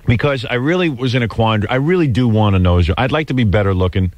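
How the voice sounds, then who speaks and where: A man's voice: mid-range voice, fast talker, darkish tone, no echo, lo-fi sound. A man in his forties hosting a radio talk show, telling rambling, self-deprecating stories in casual chat. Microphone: studio microphone.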